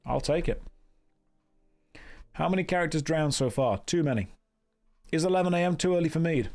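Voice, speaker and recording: A man's voice: a little high, moderate pace, darkish tone, soft background music. Dry, joking American streamer man. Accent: American Midwest. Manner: dry, playful, reading and answering chat. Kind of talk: casual live-stream commentary.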